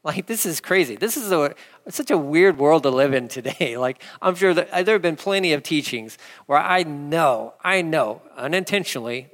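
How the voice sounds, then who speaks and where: Animated male pastor in a reverberant hall. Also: a little high. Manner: conversational, animated preaching with asides. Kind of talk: sermon.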